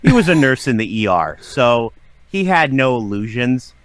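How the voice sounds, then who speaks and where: A man's voice: medium pitch, normal speed, dry recording. A man in his forties, a writer and voice actor, telling personal stories in a podcast conversation and acting out the voices of people he quotes. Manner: animated storyteller who acts out quoted voices. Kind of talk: candid storytelling conversation.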